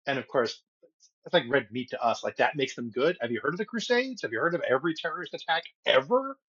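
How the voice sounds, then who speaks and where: A middle-aged man co-hosting a podcast, telling a long story in an animated, rambling way with lots of restarts. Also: medium pitch, fast talker, breathy edge, lo-fi sound. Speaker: podcast co-host. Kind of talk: casual storytelling chat.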